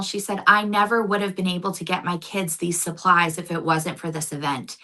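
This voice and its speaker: A woman's voice: lowish voice, steady tone, moderate pace, bright, forceful tone, low-quality recording. A woman running for local office, talking earnestly in a casual interview and telling stories. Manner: earnest, storytelling. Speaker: county commission candidate.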